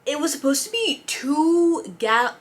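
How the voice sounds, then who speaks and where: A woman's voice: high-pitched, sing-song, a little slow, pitched above the performer's own voice. Rude old male customer, smug and curt, as a woman quotes him in a story.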